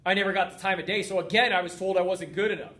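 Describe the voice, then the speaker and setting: A man's voice: high-pitched, racing, bright, forceful tone. A man hosting a heartfelt motivational talk as a fitness coach, earnest and emphatic, stacking up repeated phrases.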